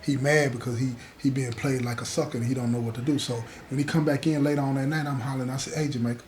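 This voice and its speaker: A man's voice: medium pitch, fast, roomy sound, a little hiss or hum. A man hosting a show and telling a prison story in a casual, slangy way, acting out the dialogue. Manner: animated, slangy, acts out dialogue. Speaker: host.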